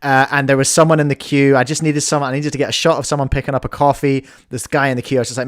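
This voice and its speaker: A laid-back man chats as podcast host, telling stories in an easygoing way. The sound is dry and close, with no room echo. His pitch sits in the middle of the male range. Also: level tone, racing, few pauses. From New Zealand. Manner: laid-back, chatty storyteller. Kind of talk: casual chat.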